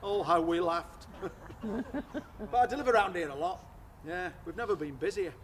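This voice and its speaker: An actor with a St Helens accent playing a chatty, joking delivery driver bantering on a doorstep. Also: male voice, sits high, lively intonation, moderate pace. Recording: outdoor performance with crowd noise.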